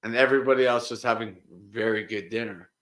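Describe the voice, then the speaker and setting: A man in casual conversation, telling a story from when he was a kid. His voice sits in an ordinary middle pitch, and he acts out the lines people said to him with lively swings. He often stops and restarts his sentences. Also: fast.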